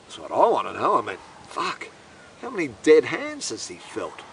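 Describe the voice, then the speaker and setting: A man's voice: mid-range voice, wildly swooping pitch, normal speed, vocal fry, distant mic, slight background noise, rough recording. A man with an Australian accent telling a meandering, profane, incredulous comic story. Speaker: host. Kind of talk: rambling comic monologue.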